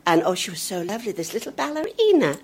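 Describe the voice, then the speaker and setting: A woman's voice: mid-range voice, very animated, fast, breathy edge. An older woman from northern England, a veteran actress telling chatty, self-mocking comic stories. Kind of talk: comic anecdote.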